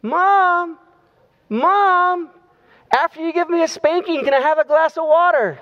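Little boy at bedtime, pestering and whiny, put on by a preacher, high and thin, dull hall sound. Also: measured pace, a bit bright. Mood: pleading. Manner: whiny, repetitive calling out.

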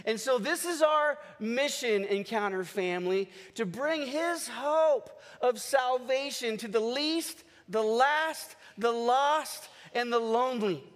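A man preaching a sermon as pastor, energetic and rousing his congregation. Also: very high-pitched, takes it slowly, few pauses. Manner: energetic, leads the congregation in call-and-response cheers. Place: large church hall. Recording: long church hall reverb.

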